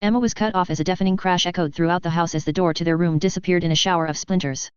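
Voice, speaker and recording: Crisp, smooth audiobook narrator. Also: mid-range voice, steady tone, very fast, no echo. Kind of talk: audiobook fiction reading. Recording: slightly dull, lo-fi.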